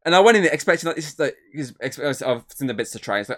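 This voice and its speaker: A man's voice: medium pitch, expressive, rapid-fire, few pauses, a bit bright. A man co-hosting a podcast, chatting casually, rambling with lots of filler words and swearing. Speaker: podcast co-host. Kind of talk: casual chat.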